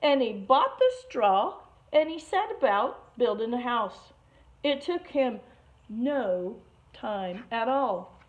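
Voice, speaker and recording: A woman teacher reading a picture book aloud to children, expressive and stopping to explain words, on a muffled lo-fi recording. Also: fairly high pitch, slow.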